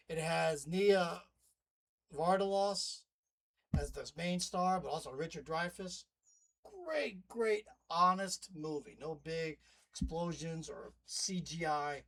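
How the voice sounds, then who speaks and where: A man's voice: on the high side, slow pace, gravelly, a bit bright, poor audio. A man talking casually to camera in a wry, rambling monologue, styling himself a demon host. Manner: chatty, wry, rambling asides. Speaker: vlogger playing a demon narrator.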